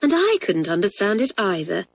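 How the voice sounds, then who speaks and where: A woman voicing a kind but firm schoolmistress addressing her class, in a measured teacher's tone in a storybook reading. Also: medium pitch, very animated, creaky, low-quality recording. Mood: fond. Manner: measured, warm-humoured teacher's tone.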